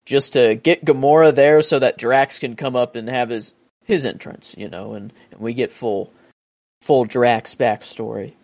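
A man's voice: medium pitch, fairly even intonation, measured pace, darkish tone, no room sound. A man co-hosting a podcast, telling about a film scene in a rambling, hesitant way. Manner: rambling, hesitant, many fillers. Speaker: podcast co-host. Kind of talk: casual movie discussion.

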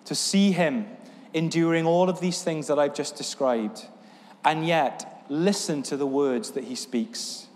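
A man's voice: fairly high pitch, unhurried, a little mellow, long reverb tail. A man preaching a sermon as pastor, earnest, with a repetitive, building cadence. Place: church sanctuary.

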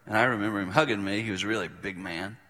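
An older man, a preacher, telling a personal story in a sermon and acting out the voices in it, sometimes dropping to a hush. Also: on the low side, quick pace. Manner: vivid storyteller who acts out quoted voices. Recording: reverberant hall.

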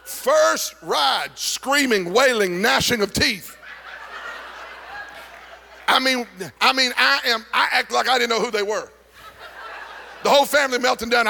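A male pastor delivering a sermon to a congregation, moving from folksy storytelling to fervent shouted preaching. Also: very high voice, creaky, slight background noise. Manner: animated preaching that builds to shouting. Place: church service before a congregation.

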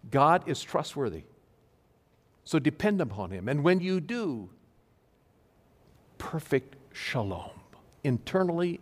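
A male pastor giving an earnest sermon to his congregation, stressing key phrases slowly. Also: medium pitch. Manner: earnest, emphatic preaching with slow stressed phrases. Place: church sanctuary. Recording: long hall reverb.

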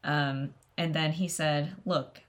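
A young woman talking casually about a book with friends. Her voice is somewhat low but bright and forceful. She speaks expressively, laughs often, and drops into a lower voice when she reads quotes. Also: moderate pace. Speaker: book discussion co-host. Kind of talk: casual chat.

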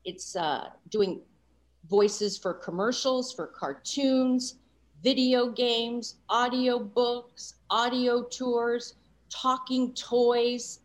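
A woman of sixty from Los Angeles, a guest voice actor talking about her career in an animated, enthusiastic way with frequent fillers. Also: on the high side, extremely slow. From Los Angeles, USA. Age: 60s. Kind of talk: casual interview chat.

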